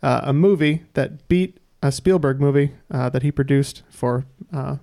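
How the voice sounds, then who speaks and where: A man hosts a trivia round on a casual podcast. His voice has a gravelly edge and a middling pitch. He reads the questions slowly and deliberately, with plenty of "uh" fillers. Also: dark tone. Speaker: quiz host.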